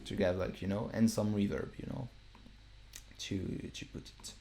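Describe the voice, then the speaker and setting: Male producer, deep voice, casual stream walkthrough, relaxed and rambling with fillers. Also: moderate pace, vocal fry.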